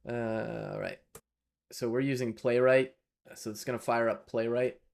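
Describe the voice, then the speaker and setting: Man, gravelly, slow-paced, casual live-coding talk, thinking aloud. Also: medium pitch, steady tone, a little mellow. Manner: thinks aloud while coding, chats with viewers. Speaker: live-streaming developer.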